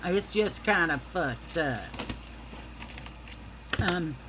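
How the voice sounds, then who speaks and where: A woman's voice: lowish voice, animated, drawn-out words, background noise. A middle-aged woman, telling rambling, profane stories in a casual monologue and calling her listeners y'all.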